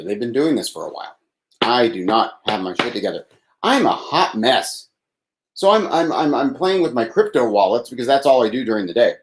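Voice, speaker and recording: A man hosting a live call-in show alone at his desk, rambling and self-deprecating, sighing and swearing, with a thin, slightly whiny voice. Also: medium pitch. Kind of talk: rambling solo live-stream chat. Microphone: desk microphone without processing.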